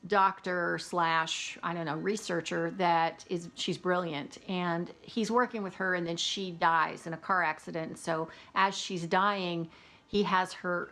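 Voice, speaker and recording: A woman's voice: on the low side, fairly bright tone. A woman talking casually about audiobooks she has read, chatty and opinionated, laughing now and then. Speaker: book reviewer. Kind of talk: casual book review chat.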